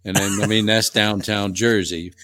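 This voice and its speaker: A low-voiced man with a New Orleans accent tells rambling, folksy stories as a guest. He speaks in a dry, close-up sound at a home dining table. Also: fairly even intonation, normal speed, sharp tone, no room sound. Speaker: guest, HVAC contractor. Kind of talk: casual storytelling.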